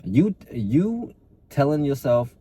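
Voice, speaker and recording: A man's voice: medium pitch, sing-song, slow pace, dark tone, slight background noise. A man, a fitness coach, giving a blunt, profane, repetitive motivational talk to camera and calling the listener bro.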